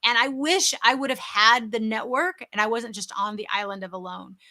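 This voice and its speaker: An effusive woman hosting an online interview, her voice bright and ringing. She pitches a little high and tells her stories with eager energy. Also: steady tone, normal speed. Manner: upbeat, effusive, storytelling. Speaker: host. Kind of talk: virtual interview chat.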